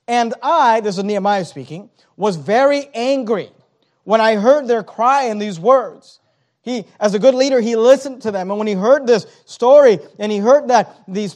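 A man's voice: very high-pitched, a little mellow. A man preaching a sermon, reading scripture aloud and building it up with rising emphasis. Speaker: pastor.

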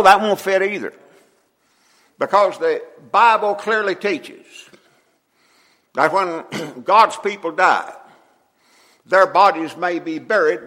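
An older man preaching a sermon in a folksy way, often clearing his throat between phrases. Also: high voice, a bit bright. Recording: long hall reverb.

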